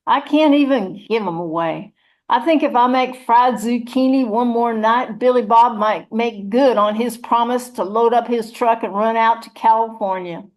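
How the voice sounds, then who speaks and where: A woman's voice: a little high, normal speed, natural voice. A woman voicing a chatty, churchgoing rural mama, rambling in a folksy, motherly way. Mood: cheerful rambling. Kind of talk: one-woman audio play reading.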